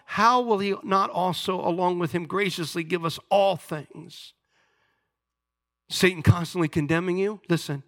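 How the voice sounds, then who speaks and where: A man's voice: high-pitched, expressive, normal speed, sharp tone. A male pastor delivering an emphatic sermon, calling on the congregation to respond.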